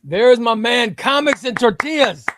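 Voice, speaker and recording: A man hosting a casual comic book livestream, excitable and self-deprecating as he fumbles with the setup. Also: very high-pitched, measured pace, background noise. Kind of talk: casual live stream chat.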